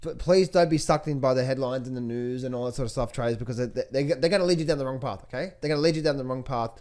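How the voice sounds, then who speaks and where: A man's voice: medium pitch, quick pace, a little mellow. A man hosting a stock market commentary, emphatic and repetitive, often restarting his sentences and calling out to his viewers. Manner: emphatic, repeats phrases, keeps addressing viewers as traders and guys; restless with many restarts and fillers. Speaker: trading coach and channel host.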